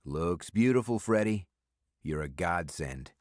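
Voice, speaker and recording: A guarded businessman hero who speaks in short, blunt lines, as a man puts him on. His voice is pitched somewhat up from a low baseline. The sound is close and dry. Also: animated, measured pace, no echo. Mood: friendly. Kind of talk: audiobook character voice.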